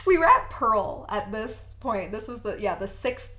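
A woman's voice: mid-range voice, big pitch swings, unhurried, a bit bright. A woman co-hosting a podcast in casual chat, gushing and laughing often. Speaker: podcast co-host.

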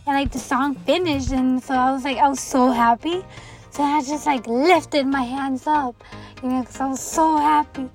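A woman's voice: sits high, fairly even intonation, normal speed, soft background music, low-quality recording. A young woman telling a race story in a casual, giggly way, full of "like" and "um". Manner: giggly, lots of "like" fillers. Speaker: student runner.

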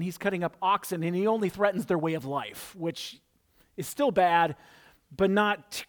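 Guy with a pretty high voice giving a laid-back sermon, animated storytelling, wry asides. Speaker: pastor. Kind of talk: conversational sermon.

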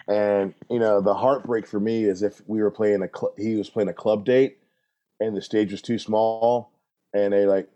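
A man's voice: on the low side, fairly even intonation, normal speed, mellow, muffled recording. A middle-aged man, a drummer and guest, telling stories in a laid-back, folksy way in an interview. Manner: laid-back, folksy, acts out voices in anecdotes. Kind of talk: relaxed storytelling interview.

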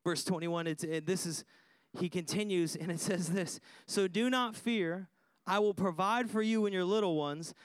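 A man's voice: sits high, normal speed, smooth, no room sound. A man preaching a sermon, emphatic, repeating phrases for effect and putting questions to his listeners. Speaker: pastor.

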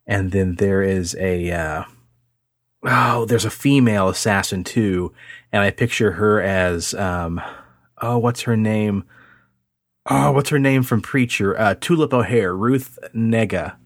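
Low-voiced swearing podcast co-host man. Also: measured pace, no room sound, studio quality. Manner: joking, swearing, rambling. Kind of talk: casual podcast banter. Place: home setup on a remote call. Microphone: computer mic on a video call.

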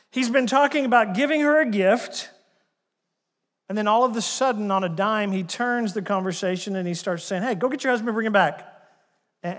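High-voiced pastor preaching in a reverberant church. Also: male voice. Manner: animated preaching, acting out dialogue. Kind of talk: sermon. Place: church sanctuary. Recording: long hall reverb.

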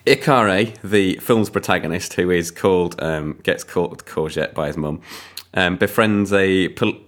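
Deep-voiced guy chatting about films on a podcast, rambly, lots of ums. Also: measured pace. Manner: rambling, enthusiastic, frequent ums. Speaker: podcast film reviewer. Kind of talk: casual chat.

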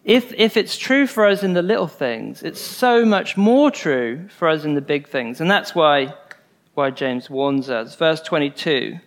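A man with a voice a little high for a man preaches a relaxed, conversational sermon at a measured pace. Earnest and informal, he often circles back on a phrase or slips in a "you know" while working through a point.

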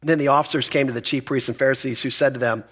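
Man, pastor, sermon, conversational, emphatic, mid-pitched voice. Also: fairly even intonation, fast, a bit bright.

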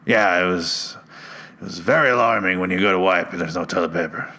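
A blunt, cryptic aging movie star, as a podcast host puts him on, giving short deadpan answers. The voice sits a touch higher than a plain low male voice and is heard close on a studio podcast mic. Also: fairly quick.

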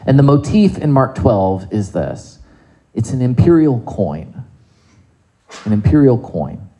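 Conversational male preacher, mellow voice. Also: mid-range voice, low-quality recording. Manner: animated, conversational preaching with rhetorical questions. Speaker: pastor. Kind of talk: sermon.

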